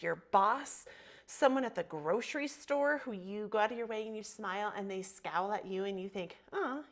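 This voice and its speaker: A woman teaching a yoga class, cueing poses and breath with encouraging, motivational talk and spoken affirmations. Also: fairly high pitch. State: slight frog in her throat. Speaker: yoga instructor. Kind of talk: guided yoga class instruction.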